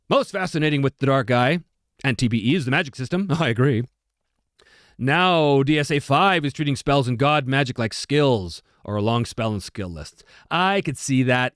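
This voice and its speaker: Heard in clean studio sound with no room tone, a medium-pitched man hosts his livestream as a voice actor. He keeps things casual, telling stories with energy and laughing easily along the way.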